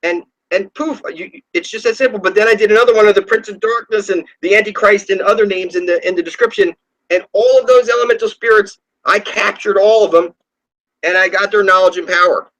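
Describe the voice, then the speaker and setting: A man hosting his own channel, delivering a rambling, profane and insistent monologue whose pitch leaps up when he gets heated. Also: brisk, fairly bright tone, rough recording. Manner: ranting, profane and insistent, with sudden pitch jumps. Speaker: channel host.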